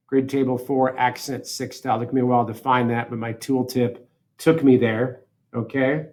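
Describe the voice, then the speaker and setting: A man teaching a software lesson, talking through each step aloud in a casual way and correcting himself as he goes. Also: medium pitch, fairly even intonation, moderate pace. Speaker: instructor. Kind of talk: screen-recorded software tutorial.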